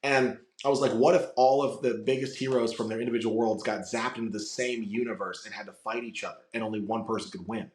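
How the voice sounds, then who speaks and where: A man's voice: mid-range voice, steady tone, fast talker, hardly any pauses, slight background noise. Podcast guest, male, from Florida, rambling anecdote style, mid-range voice, roomy recording. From Florida, USA. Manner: rambling, lots of "like" and restarts. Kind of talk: casual storytelling chat. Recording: roomy echo.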